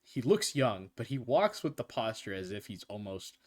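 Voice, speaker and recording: A man's voice: on the low side, big pitch swings, moderate pace. A man narrating a tabletop game as game master, casual and loose. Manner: casual, laughs often, loose swearing.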